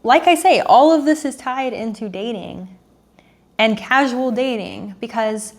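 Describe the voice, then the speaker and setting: A woman's voice: fairly high pitch, unhurried. A woman in her thirties, a dating coach, talking earnestly and emotionally to camera, repeating herself and sighing.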